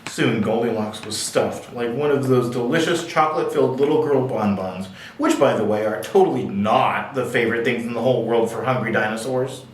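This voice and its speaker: A man's voice: mid-range voice, fairly quick, hardly any pauses, a little hiss or hum. A man reading picture books aloud at a library, with playful, jokey asides. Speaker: library storyteller. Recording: echoey room, distant mic.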